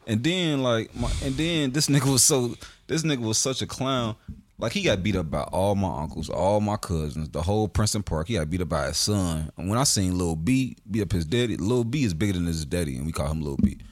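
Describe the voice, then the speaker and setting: A man's voice: fairly low pitch, no echo. A man co-hosting a casual podcast, telling stories animatedly in slangy talk and repeating his words. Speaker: podcast co-host. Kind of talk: casual chat.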